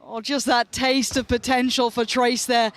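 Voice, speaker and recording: A man casting a tournament match as play-by-play commentator, talking fast and rising to shouts at big plays. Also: extremely high pitch, flat delivery. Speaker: esports caster.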